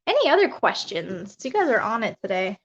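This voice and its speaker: A woman's voice: fairly high pitch, big pitch swings, brisk. Chatty woman on a dull live stream. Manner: chatty, rambling, laughs often. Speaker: spiritual coach. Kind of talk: casual live stream chat.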